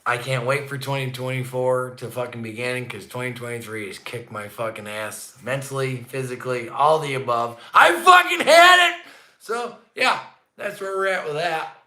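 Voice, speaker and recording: A man's voice: mid-range voice, moderate pace, few pauses. Profane ranting man on a livestream. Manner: profane, swings between grumbling and shouting. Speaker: livestream host. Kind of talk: ranting casual livestream chat. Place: indoor room at home, not the barn. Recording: echoey room.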